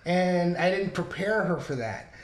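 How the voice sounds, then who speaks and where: A man's voice: sits high, expressive, a little slow. A man hosting a podcast, telling a rambling, profane story in casual chat and acting out the dialogue, recorded in a room of a house. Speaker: podcast host. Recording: roomy echoing room.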